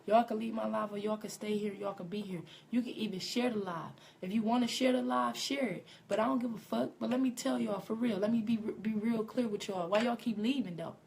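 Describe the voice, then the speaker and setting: A woman livestreaming a profane comic story on her phone, rambling and growing loud and shrill when worked up. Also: normal speed, gravelly, slight background noise. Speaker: livestream comedian. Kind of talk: comic storytelling on a live stream.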